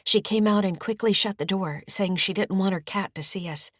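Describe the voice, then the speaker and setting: A woman reading a first-person nonfiction audiobook in a calm, measured narration. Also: medium pitch, dry recording, studio quality. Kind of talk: scripted narration.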